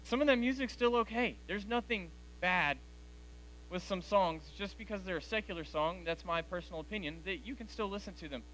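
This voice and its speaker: Man, 40s, youth speaker, bright and slightly high voice, talks straight to the teens, faint hiss behind. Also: a little fast, low-quality recording. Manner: direct, conversational, addresses teens as guys. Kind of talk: youth sermon.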